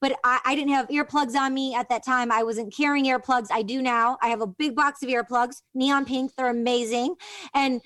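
A woman's voice: high voice, steady tone, moderate pace, a bit bright, dry recording. A woman hosting an interview, telling a long, rambling personal story in a loose, chatty way with many fillers. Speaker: podcast host. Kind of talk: casual interview chat.

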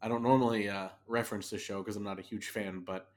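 A man's voice: fairly low pitch, steady tone, fast talker. A man co-hosting a podcast. He talks casually and candidly about a show he watched, often restarting his sentences. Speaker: podcast co-host. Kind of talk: casual chat reviewing a show.

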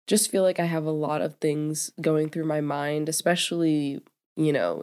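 A woman's voice: low-pitched, darkish tone. A young woman hosting her own podcast alone at home, sounding congested and nasal from a cold, rambling candidly with fillers and laughs. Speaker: podcast host. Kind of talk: casual solo podcast monologue.

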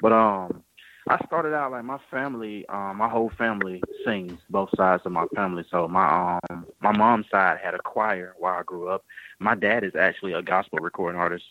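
A man's voice: sits low, fairly even intonation, moderate pace, dull audio. A man guest on a radio show talking about his singing in a laid-back, rambling way, full of fillers. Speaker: singer guest. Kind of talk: casual radio interview.

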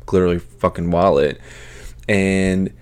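Man, low voice, young adult, podcast host, casual rant, heavy swearing, animated. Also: slow, clear, resonant tone. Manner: profane, animated, swears constantly.

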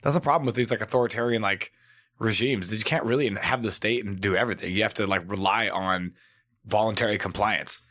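A man's voice: on the low side, brisk. A young American man co-hosting a casual podcast chat, profane and prone to tangents. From United States. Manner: animated, profane, goes off on tangents. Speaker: podcast co-host.

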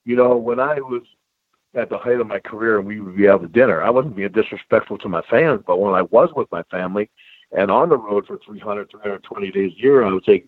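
An older man tells road stories with loose, animated energy and keeps tossing in "bro" and "man." His voice comes through a thin, phone-like line. The sound is dry, with no room around it. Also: fairly low pitch, fairly quick, no echo. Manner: animated storyteller, says bro and man a lot. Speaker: guest, retired pro wrestler. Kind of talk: casual interview storytelling.

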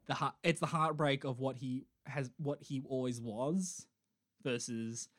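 A podcast co-host in casual chat, joking, swearing and riffing with animated energy. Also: mid-range voice. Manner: animated, jokey, swears freely.

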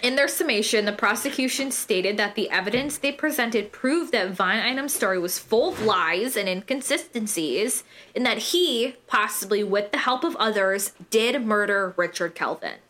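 A woman's voice: medium pitch, animated, normal speed, sharp tone, slight background noise. A woman hosting a podcast. She reads her narration in a casual way and swears freely. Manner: casual and profane, breaks off to laugh. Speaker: podcast host narrating a case. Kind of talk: read narration mixed with casual chat.

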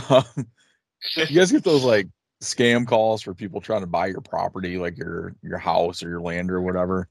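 A man with a low, gravelly voice, recorded close and dry. He co-hosts a podcast in loose chat and rambles through stories with crude jokes. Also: moderate pace, no echo. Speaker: podcast co-host.

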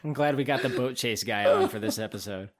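A man's voice: medium pitch, brisk. A man co-hosting a movie podcast, blunt and profane in casual chat. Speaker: podcast co-host.

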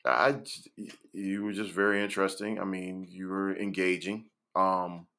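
A man's voice: low voice, flat delivery, normal speed, sharp tone. A man in his forties, a guest on a podcast, talking casually and hesitantly with many fillers. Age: 40s. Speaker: podcast guest, school educator.

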